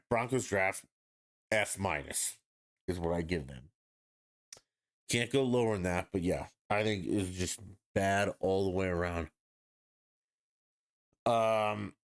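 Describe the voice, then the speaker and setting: A man hosting a podcast, ranting bluntly and profanely in casual sports talk. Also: low-pitched. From Denver area, United States. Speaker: podcast host.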